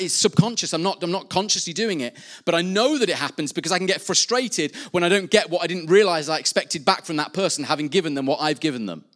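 A man's voice: mid-range voice, fairly bright tone. A man preaching a sermon, earnestly rising and dropping in emphasis. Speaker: pastor.

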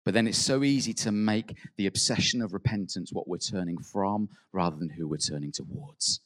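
A man preaching a sermon in an earnest way. He rises to emphatic peaks, then drops soft, and acts out quoted prayers. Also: low-pitched, normal speed.

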